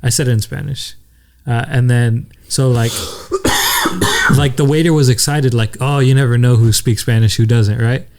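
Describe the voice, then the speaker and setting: A young man chatting easily on a podcast, spinning a travel story. He slips into other people's voices as he quotes them. His voice sits at an ordinary middle pitch. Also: steady tone, normal speed, very noisy. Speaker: podcast co-host. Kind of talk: casual chat.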